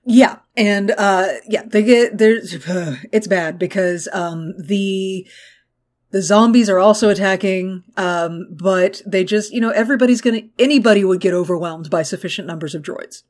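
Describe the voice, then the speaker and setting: A woman with a Texas accent, co-hosting a podcast in casual chat, animated and quick to laugh and swear. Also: medium pitch. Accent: Texan. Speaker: podcast co-host.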